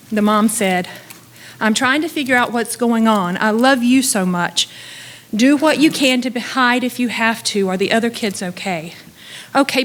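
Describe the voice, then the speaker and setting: Woman, fairly high voice, earnest public commenter at a board meeting. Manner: earnest, reading texts aloud with urgency.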